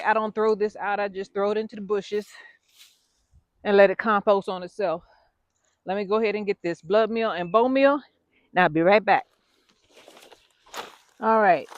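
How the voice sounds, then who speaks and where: A woman vlogging casually while she works in her garden outdoors, chatty and self-deprecating, out of breath. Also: medium pitch.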